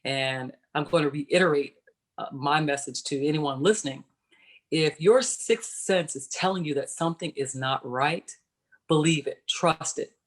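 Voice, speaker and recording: This panelist, a woman in her forties who used to play pro basketball, has a deep voice and a measured pace. Over a video call to a virtual panel, she tells her personal story in a conversational way, explaining as she talks and checking in with "right?"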